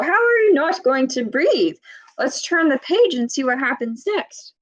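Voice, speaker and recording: A woman reading a children's picture book aloud, pausing to point out words and ask young listeners questions in a clear, teacherly way. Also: a little high, fairly bright tone, low-quality recording.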